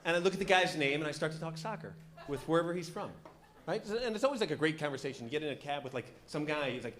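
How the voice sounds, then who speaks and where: Animated male stand-up comic. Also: on the high side, fast talker. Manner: storytelling, animated acting-out of characters. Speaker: stand-up comedian. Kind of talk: stand-up routine. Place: comedy club stage. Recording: live club recording with audience noise.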